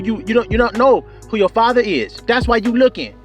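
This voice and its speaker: Male preacher, fervent sermon, high voice, wide swinging pitch, whoops and shouts. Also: lively intonation, brisk, soft background music.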